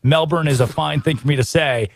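An American man hosting a sports talk show, energetic and opinionated, full of rhetorical questions. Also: a little high, a little fast, vocal fry, no echo. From United States. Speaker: radio sports host.

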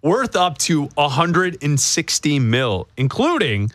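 A man's voice: a little high, sing-song, fairly bright tone, no room sound. A man co-hosting a sports talk show, joking and laughing with his partner and reading out news updates. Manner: laughs often, reads news updates briskly. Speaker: sports radio co-host. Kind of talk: casual sports talk banter.

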